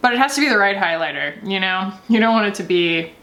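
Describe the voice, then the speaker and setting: A woman's voice: medium pitch, expressive, fast, fairly bright tone. A woman vlogger talking casually through a makeup tutorial, chatty and loose, often laughing. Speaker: beauty vlogger.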